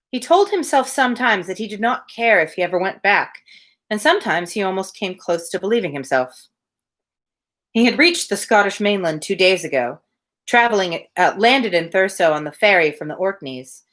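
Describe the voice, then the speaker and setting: Female reader, mid-pitched, relaxed story reading with chatty asides. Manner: chatty, laughing asides between passages.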